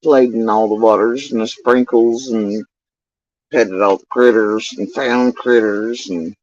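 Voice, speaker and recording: A man's voice: fairly low pitch, fairly even intonation, darkish tone, no room sound. A middle-aged man livestreaming casual, meandering chat, often swearing. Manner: profane, meandering, drawn-out. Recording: dull lo-fi dry sound.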